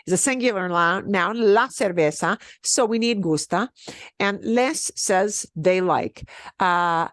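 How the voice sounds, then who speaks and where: A woman's voice: medium pitch, slow pace, a bit bright, no room sound. A woman teaching a beginners' Spanish class over a video call, explaining patiently and checking in with "okay?" often.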